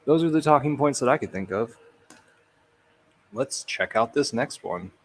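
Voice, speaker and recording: A man giving casual commentary on video clips, halting and thinking aloud with frequent restarts. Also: medium pitch, animated, slight background noise. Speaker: crypto commentator.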